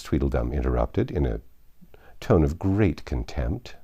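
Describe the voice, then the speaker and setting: A man with a very low, gravelly voice reads a classic storybook aloud. His delivery is theatrical, with wide sweeps of pitch and a dark, mellow tone. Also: moderate pace. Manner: expressive, theatrical reading. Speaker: narrator. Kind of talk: scripted narration of a classic novel.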